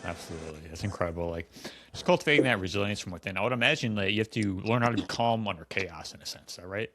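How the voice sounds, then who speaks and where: A man's voice: fairly low pitch, quick pace, fairly bright tone, slight background noise. A man hosting an interview, asking reflective questions in a casual way. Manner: reflective, frequent "like" and "in a sense". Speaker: podcast host.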